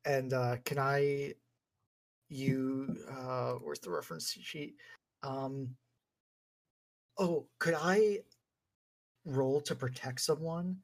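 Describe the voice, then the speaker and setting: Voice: medium pitch, steady tone, slow, gravelly, pauses often. A player at a tabletop game, thoughtful and asking about the rules. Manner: thoughtful, asks rules questions.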